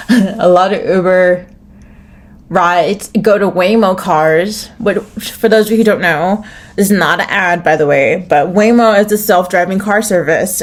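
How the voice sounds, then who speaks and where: American woman ranting on her own podcast, swears a lot, rambly, says like constantly. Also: medium pitch. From United States. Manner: rambling, profane, restarts and many "like"s. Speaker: podcast host. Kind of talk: solo podcast rant.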